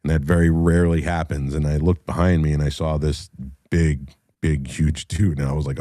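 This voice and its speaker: A man with an extremely deep, dark voice tells a story to his audience in a blunt and profane way. His delivery is casual and animated, recorded dry and close with little room sound. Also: normal speed, no room sound. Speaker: podcast host.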